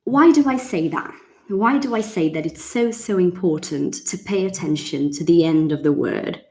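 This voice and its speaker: A woman, teaching English in a chatty, casual way and repeating words slowly so they can be drilled. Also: fairly low pitch, dark tone. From Brazil. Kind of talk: casual online English lesson.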